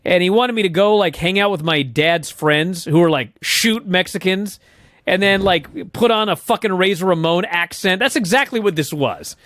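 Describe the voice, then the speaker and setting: A man's voice: sits high, normal speed, a bit bright, dry recording. A man co-hosting a podcast, chatting casually in a blunt, profane, exasperated way. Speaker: podcast co-host. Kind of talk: casual chat.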